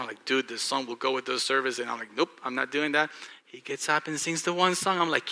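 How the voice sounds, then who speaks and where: A male pastor with a Texan accent delivers a sermon in a very bright, sharp voice. He is impassioned, dropping to hushed, earnest lines and then rising to loud, excited bursts. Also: mid-range voice, brisk.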